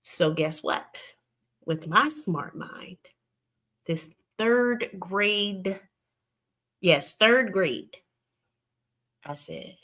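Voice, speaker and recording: A woman with a Southern US accent hosting a casual livestream. She tells stories with big swings between loud outbursts and hushed asides. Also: on the high side, very animated, drawn-out words. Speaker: livestream host.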